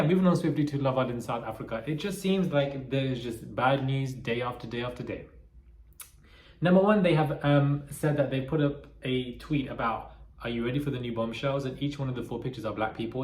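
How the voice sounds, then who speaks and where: A man's voice: medium pitch, echoey room. A man giving casual, opinionated commentary on reality TV as a channel host. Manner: chatty, opinionated, breaks into laughter.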